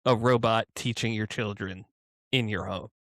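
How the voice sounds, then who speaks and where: A man co-hosting a political podcast who recounts news in a wry, deadpan way and sometimes stammers. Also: lowish voice, moderate pace, no room sound, studio quality. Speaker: podcast co-host. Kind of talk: casual political chat.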